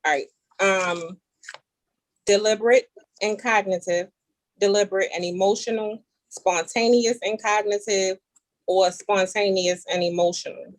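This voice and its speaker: A woman hosting a casual talk show, animated and playful, reading definitions aloud and teasing her guests. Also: medium pitch, a little slow, no room sound. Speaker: show host. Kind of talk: casual chat.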